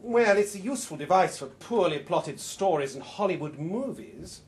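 A woman's voice: fairly low pitch, expressive, moderate pace, darkish tone, natural voice. A man reading a story aloud and voicing a dry, ironic woman at a card table, with an arch, impatient manner. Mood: wry. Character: dry, ironic older woman bridge player.

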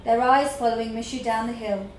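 A woman reading a literary story aloud in a slow, measured storytelling manner. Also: fairly high pitch, fairly even intonation, a little hiss or hum. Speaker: narrator. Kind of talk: scripted narration of a literary story. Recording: echoey room with faint ambience.

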